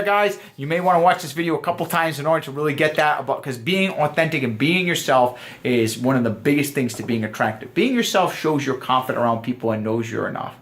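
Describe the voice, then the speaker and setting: A man giving earnest, emphatic dating advice straight to camera, talking to viewers as guys. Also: medium pitch. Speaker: dating coach. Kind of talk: direct-to-camera coaching talk.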